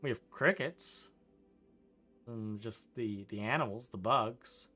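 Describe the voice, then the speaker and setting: A man's voice: medium pitch, takes it slowly, bright, forceful tone, faint music behind. A young man from Canada chatting casually over gameplay, answering chat in a rambling way with lots of likes and ums and frequent chuckles. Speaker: streamer.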